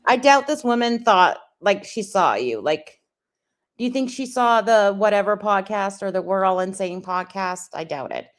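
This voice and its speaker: A woman's voice: medium pitch, animated, normal speed. A woman co-host making teasing, sarcastic remarks in casual chat.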